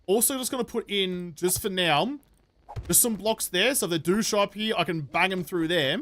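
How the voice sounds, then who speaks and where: A man with an Australian accent talks to his live-stream audience as he plays, in a casual, rambling, jokey way full of slang and the odd swear. His voice sits fairly high for a man. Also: normal speed, fairly bright tone.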